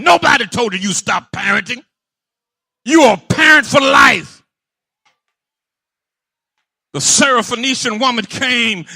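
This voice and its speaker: A male pastor a fiery sermon, shouting and repeating his points. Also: very high-pitched, vocal fry, breathy edge, no room sound. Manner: shouting, call-and-response preaching.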